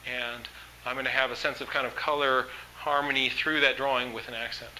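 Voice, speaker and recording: A man's voice: medium pitch, level tone, fairly quick, pushed and bright, slight background noise, low-quality recording. A man teaching an art workshop, talking in an enthusiastic, conversational way with frequent fillers. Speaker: art instructor. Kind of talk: workshop lecture.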